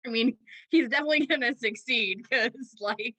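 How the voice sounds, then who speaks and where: A woman's voice: on the high side, normal speed, bright, forceful tone, low-quality recording. A woman playing in a tabletop game, talking casually and laughing easily. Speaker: player.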